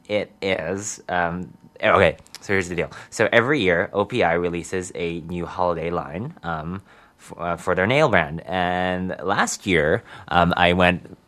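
A man's voice: low-pitched, fairly bright tone. A man hosting a community radio show, chatting casually and giggling with lots of ums.

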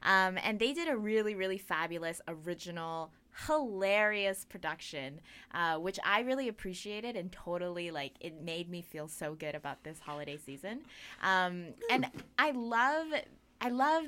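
A woman with a lowish voice hosts a relaxed radio arts chat in a studio. She rambles loosely and fills her sentences with "like" and "um" as she goes. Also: normal speed, smooth. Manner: rambling, many fillers. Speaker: radio arts show host.

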